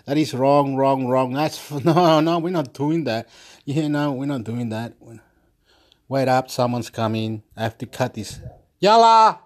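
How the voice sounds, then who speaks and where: A man's voice: medium pitch, steady tone, a little slow, a little mellow. Man, casual home vlogger on a phone mic; meandering, repetitive delivery, salty language, nervous laughs. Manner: meandering, repeats himself, frequent restarts; swears freely, laughs between phrases. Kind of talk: rambling casual monologue.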